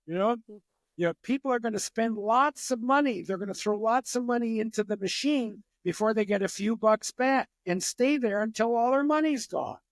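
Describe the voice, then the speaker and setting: An older man, a psychologist guest on a podcast, explaining parenting with lively acted-out examples. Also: very high voice, no room sound. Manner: animated storyteller who acts out examples. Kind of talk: podcast interview.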